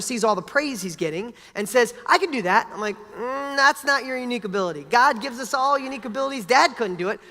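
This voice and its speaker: A man giving a motivational talk, telling a personal story in an energetic, animated way with casual swearing. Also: extremely high pitch. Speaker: motivational speaker. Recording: long hall reverb.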